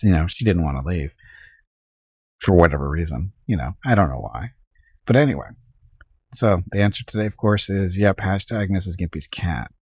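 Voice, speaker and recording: Deep husky-voiced man chatting while gaming. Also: dry recording, studio quality. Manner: rambling storyteller, chuckles often. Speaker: streamer. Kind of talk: casual gameplay chat.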